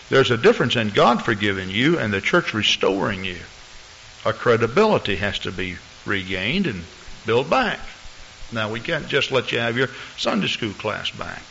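A man preaching a sermon as pastor, telling stories in an animated way and acting out the people in them. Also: medium pitch, a little slow, vocal fry, long pauses, slight background noise. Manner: animated storytelling preacher, acts out voices. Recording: muffled lo-fi recording.

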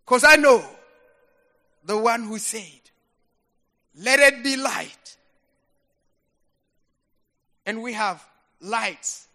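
A man preaching a sermon slowly and emphatically, swinging from loud declarations to hushed, dropping phrases. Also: extremely high pitch. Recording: long reverb of a large hall.

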